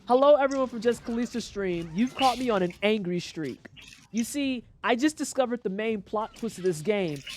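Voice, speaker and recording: A young woman streaming a game, ranting with heavy profanity and exasperation. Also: mid-range voice. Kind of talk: casual gameplay commentary.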